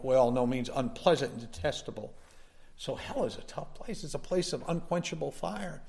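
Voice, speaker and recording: A man's voice: mid-range voice, lively intonation, moderate pace, creaky, a little mellow. Man preaching a folksy sermon. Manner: folksy storytelling, building to emphatic preaching. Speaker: pastor.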